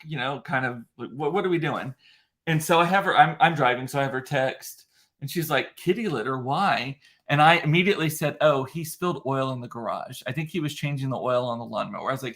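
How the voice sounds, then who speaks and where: A middle-aged podcast host tells a story in casual conversation, his voice on the high side. He's animated and swears freely, acting out the voices of the people he quotes.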